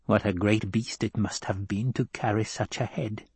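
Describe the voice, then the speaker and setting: A man voicing a fierce, devout desert housekeeper woman, speaking slowly in a low muttering way in an audiobook. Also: steady tone, darkish tone, slightly rough, no echo. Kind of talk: audiobook character voice.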